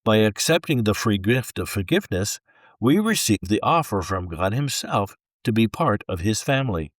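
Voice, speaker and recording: A man with a fairly low voice reads a book chapter aloud, letting his pitch rise and fall in a lively, expressive way. The recording is dry and close, with no room sound around him. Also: no room sound. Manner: expressive, unhurried storytelling read. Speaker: book reader.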